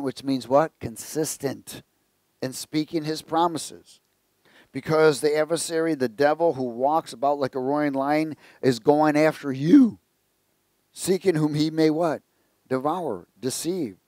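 A man's voice: on the high side, a little mellow, no room sound. A man preaching a conversational sermon, telling jokes and asking the congregation questions. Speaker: pastor.

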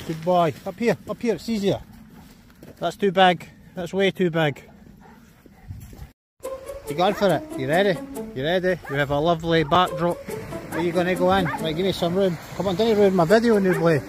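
Scottish guy walking his dog on the beach, high-pitched, swears a lot, talks to the dog. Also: normal speed, pauses often, music in the background. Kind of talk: casual chat while walking outdoors. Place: outdoors on a beach.

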